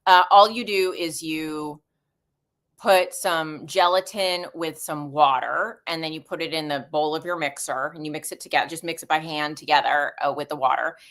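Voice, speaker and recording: A woman's voice: sits low, fairly even intonation, moderate pace, a bit bright. A middle-aged woman hosting a live stream, chatting casually in a rambling, stream-of-consciousness way into a camera mic.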